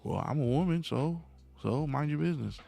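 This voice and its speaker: Guy doing a mocking, dismissive dude voice, pitched way up. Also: animated, a little fast, vocal fry, dark tone, soft background music. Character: defiant bearded man brushing off complaints.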